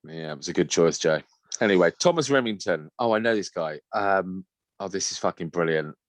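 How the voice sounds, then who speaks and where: A man's voice: low voice, expressive, brisk, no room sound. A man co-hosting a casual podcast chat over a video call, laughing often, swearing freely and reading listener messages aloud. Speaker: podcast co-host.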